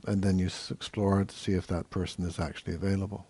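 Low, mellow-voiced meditation teacher. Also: male voice, slight background noise. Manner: calm, measured, with hesitant fillers. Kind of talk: dharma talk Q&A.

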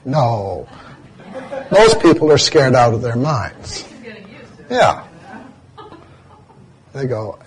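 A man giving a dharma talk as a meditation teacher, telling stories and slowly spelling out Sanskrit chant words. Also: medium pitch, big pitch swings, noisy background.

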